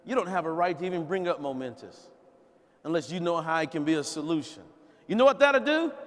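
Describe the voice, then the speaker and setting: A man giving a folksy, animated sales training talk, acting out conversations and repeating key phrases. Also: sits high. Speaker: business opportunity trainer. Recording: long hall reverb, live event.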